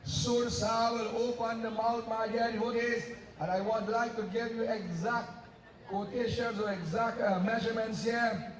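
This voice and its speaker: A man's voice: very high voice, fairly even intonation, moderate pace, roomy sound, recorded from a distance, rough recording. A man with a Trinidadian accent narrates a devotional story to devotees at a festival, breaking into sung chants. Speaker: Ramleela narrator. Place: outdoor festival stage.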